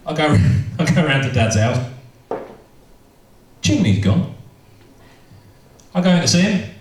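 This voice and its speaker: Comedian in an echoey room. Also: male voice, a little high, big pitch swings, measured pace, recorded from a distance, slight background noise. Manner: rambling, self-interrupting, amused. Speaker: stand-up comedian. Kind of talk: stand-up storytelling.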